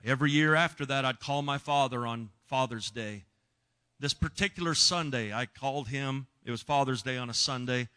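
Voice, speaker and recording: A middle-aged man preaching, telling a personal testimony with emotion, dropping to hushed tones and rising loud. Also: medium pitch, normal speed, clear, resonant tone. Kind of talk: sermon testimony.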